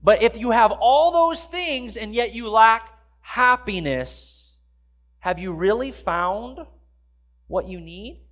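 A pastor preaches slowly and expressively in a church sanctuary, his voice sitting high with a fairly bright tone. He keeps it conversational, asking the congregation questions.

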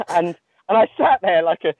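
A high, expressive male voice with a darkish tone comes through at a moderate pace and without echo. The ultramarathon runner chats casually by phone from outdoors on a long-distance trail, laughing at his own expense over a dry, tinny line.

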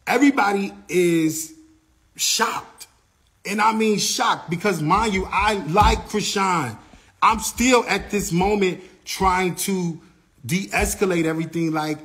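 Man telling a story animatedly. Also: sits high. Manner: acts out other people's lines, grows louder and faster as the story heats up. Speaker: eyewitness recounting events. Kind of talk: animated first-person storytelling.

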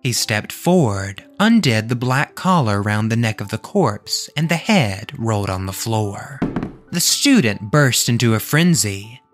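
A man storytelling on his own podcast, voice rising and falling with lots of movement in his pitch. His reading is expressive, and soft music plays faintly behind him. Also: measured pace. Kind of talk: reading a classic tale aloud.

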